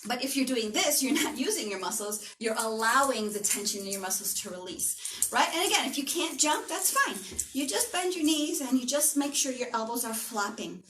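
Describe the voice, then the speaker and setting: A woman's voice: fairly high pitch, expressive, normal speed, fairly bright tone, a little hiss or hum. A woman teaching a yoga class, giving encouraging instructions and often checking in with "right?". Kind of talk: guided movement class. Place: yoga studio room. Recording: echoey studio from a distance.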